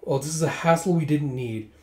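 A man's voice: on the high side, fairly quick, darkish tone, close to an everyday voice. A man reading a manga aloud and voicing a scheming, sneering male drug trafficker. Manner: sneering, dismissive.

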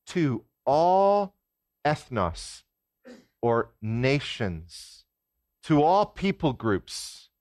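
A man giving a sermon as guest preacher in a church, talking in a relaxed, conversational way and putting questions to the congregation. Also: mid-range voice, no echo, clean studio sound.

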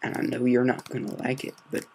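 Quiet, gravelly-voiced man narrating gameplay. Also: flat delivery, a little fast, background noise. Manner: quiet, low-key, meandering. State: slight sore throat. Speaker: gaming video host. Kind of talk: hushed let's-play commentary.

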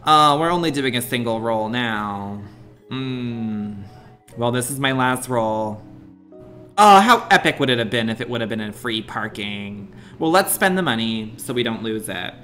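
A man streaming a mobile game, doing playful, over-the-top excited commentary in the manner of a mock sponsored ad. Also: mid-range voice, measured pace, faint music behind.

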